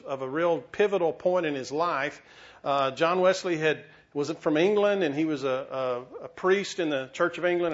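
Man pastor, slightly high voice, chatty sermon with restarts and teasing asides, muffled lo-fi recording. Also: fairly bright tone. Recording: dull lo-fi recording.

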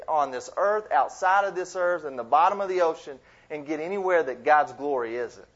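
Man preaching with lively asides, lo-fi sound. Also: fairly high pitch. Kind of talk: sermon. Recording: dull lo-fi sound.

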